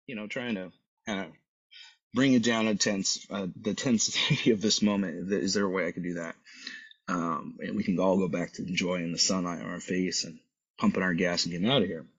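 Husky low-voiced man telling a story. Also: a little fast, muffled recording. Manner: animated, acts out quoted people in a raised voice, tags lines with "right?". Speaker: podcast host. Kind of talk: casual storytelling monologue.

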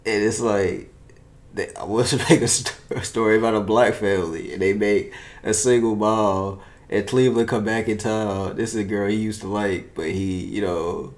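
A man's voice: on the low side, fairly even intonation, moderate pace. A young man in casual chat, hesitant and laid-back, full of slang and laughter.

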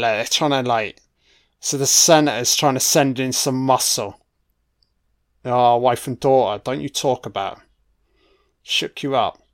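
A man talks his way through a film as it plays, reacting live and cursing freely at the characters. His delivery is slow and unhurried. He talks straight back at the screen as if the people in it could hear him. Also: medium pitch. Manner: profane, talking back at the screen. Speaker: film commentator.

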